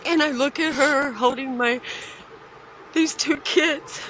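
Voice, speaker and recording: A middle-aged woman, a podcast guest, telling a personal story in a halting, grief-stricken way with many pauses. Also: high-pitched, a bit bright, a little hiss or hum, low-quality recording.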